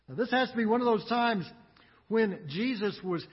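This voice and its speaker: A man preaching a sermon, earnest and emphatic, with dramatic pauses. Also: high voice, lively intonation, slightly rough, big-room sound, highs cut off. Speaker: pastor.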